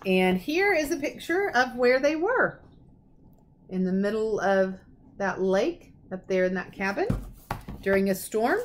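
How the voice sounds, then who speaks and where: Female teacher narrating a storybook reading, expressive and lively. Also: medium pitch, a little slow.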